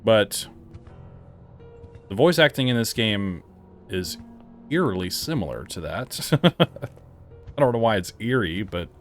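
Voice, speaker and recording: A man's voice: on the low side, very animated, slow pace, pauses often. Wry man reviewing a game. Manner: wry, sarcastic asides. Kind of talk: casual let's-play commentary. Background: faint game music.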